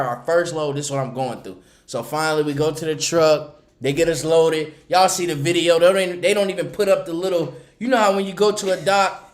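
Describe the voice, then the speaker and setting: A man who runs a small trucking company, telling a story on a casual livestream, animated, laughing often and acting out the people he talks about. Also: on the high side. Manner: animated, acts out the people in his stories.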